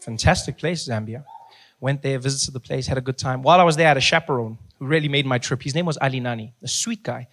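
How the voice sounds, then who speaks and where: A man's voice: mid-range voice, quick pace. A man from South Africa doing conversational stand-up storytelling. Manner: conversational, animated. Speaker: stand-up comedian.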